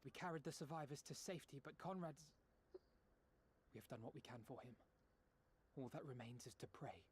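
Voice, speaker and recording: A woman's voice: a bass voice, brisk, slight background noise. An actress playing a determined young female resistance fighter in a video game, earnest and pleading. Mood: shaken. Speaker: game character.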